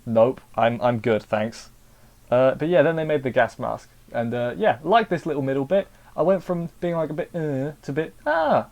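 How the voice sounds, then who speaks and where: A man's voice: on the high side, animated, brisk, vocal fry, hardly any pauses, a little mellow. A man giving a casual, rambling spoken review of an anime episode, often repeating words and restarting sentences.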